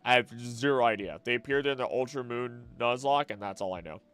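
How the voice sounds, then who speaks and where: A man's voice: mid-range voice, a little fast, fairly bright tone, clear, resonant tone. A young man from the American South, streaming a casual late-night chat and reading chat messages aloud, rambling and correcting himself as he goes. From Southern United States. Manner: rambling, self-correcting, mutters while reading. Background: faint background music and keyboard typing.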